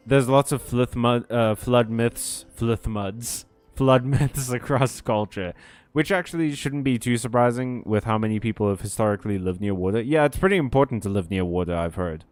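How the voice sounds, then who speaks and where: A man's voice: mid-range voice, normal speed, darkish tone, clear, resonant tone, dry recording, soft background music. A man giving casual, profane, joking commentary while playing a game. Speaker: game streamer. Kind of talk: let's play commentary.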